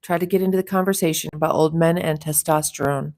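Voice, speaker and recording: Chatty woman host, lowish voice. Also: fairly even intonation, fast, a little mellow. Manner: teasing, chatty, reading viewer comments aloud. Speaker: livestream host. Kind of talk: casual livestream chat.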